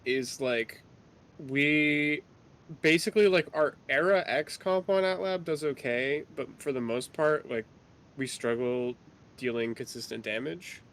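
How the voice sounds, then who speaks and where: A man's voice: fairly high pitch, measured pace, a bit bright. A man explaining his team's struggles to a coach in a casual, rambling way, full of "like" and restarts. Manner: rambling, hesitant, lots of "like". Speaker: team player. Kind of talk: casual team discussion.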